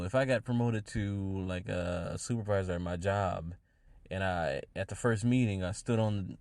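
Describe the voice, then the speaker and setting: A man's voice: lowish voice, darkish tone, no echo. A podcast host, a man, giving his own views in casual solo talk, often restarting his phrases as he thinks them through. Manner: halting, restarts phrases often, musing aloud.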